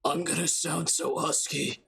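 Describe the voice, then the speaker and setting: A let's play streamer chatting through a game and reading its dialogue aloud, animated and self-mocking, with a voice strained from yelling. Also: medium pitch, measured pace, vocal fry, background noise.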